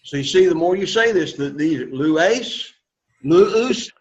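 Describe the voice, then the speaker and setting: Guy teaching greek, coaxing, bit high voice, dull lo-fi sound. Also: lively intonation. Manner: coaxing, repeats words slowly for pronunciation. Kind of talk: classroom lesson.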